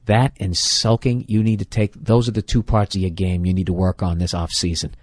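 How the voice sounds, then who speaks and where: A man's voice: sits low, little pitch movement, brisk, no room sound. A man hosting a podcast, giving blunt, profane, exasperated relationship advice in a casual comedic rant.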